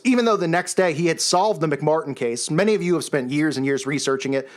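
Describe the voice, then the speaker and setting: A man with a notably high-pitched voice rants at full tilt as the host of his own channel. He yells and raises his voice, heaping scorn as he goes. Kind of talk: angry monologue rant.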